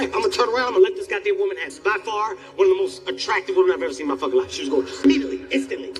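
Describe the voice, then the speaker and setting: A man in his forties performing a stand-up comedy routine, telling loud, animated stories with sudden shouted outbursts. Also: high-pitched, rapid-fire, far from the mic, music in the background. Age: 40s. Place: live comedy stage.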